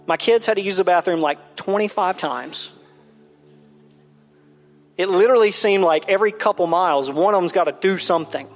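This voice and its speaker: Man, high voice, pastor, personal conversational sermon, soft music underneath. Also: moderate pace, pauses often. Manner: candid, personal, builds to emphatic then soft.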